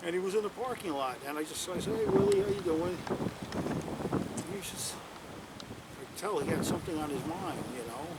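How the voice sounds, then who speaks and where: Outdoors at night by a bonfire, a man with a slightly high, animated voice tells a long local story at a moderate pace, pausing often. His telling is rambling and casual, with plenty of "you know" and false starts, picked up by a distant mic over loud wind and outdoor noise.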